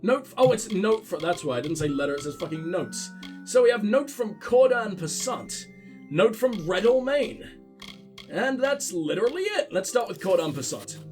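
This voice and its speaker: High, lively, foul-mouthed gamer. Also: male voice, moderate pace, faint music behind. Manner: profane, sarcastic, rambling. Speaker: let's play host. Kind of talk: gaming commentary.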